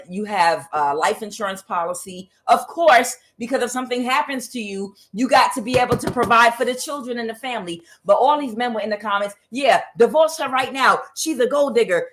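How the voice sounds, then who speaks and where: A woman's voice: mid-range voice, fairly bright tone. A middle-aged woman doing a casual tarot reading, ranting and rambling with many fillers and restarts. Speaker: tarot card reader.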